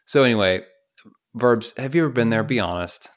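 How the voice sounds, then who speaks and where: A man's voice: mid-range voice, lively intonation, fairly quick. A man co-hosting a podcast in casual chat, joking and self-deprecating, acting out little everyday scenes as he talks. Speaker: podcast co-host.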